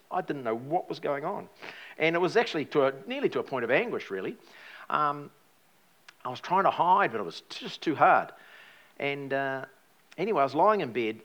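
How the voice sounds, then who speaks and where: A man preaching to a church and telling a personal story with lively changes of voice. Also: mid-range voice. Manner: animated storytelling, acts out his own past words. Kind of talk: sermon testimony.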